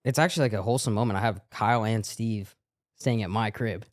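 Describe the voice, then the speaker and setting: A man's voice: fairly low pitch, quick pace, no room sound, studio quality. A man hosting a casual podcast chat, rambling and crude with lots of fillers. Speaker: podcast host.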